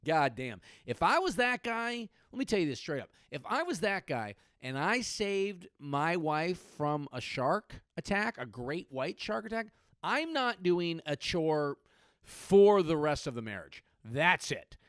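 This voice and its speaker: A man's voice: a little high, big pitch swings, a little slow, no echo, studio quality. A man in his thirties hosting a comedy podcast, riffing profanely on odd news stories and slipping into mock voices.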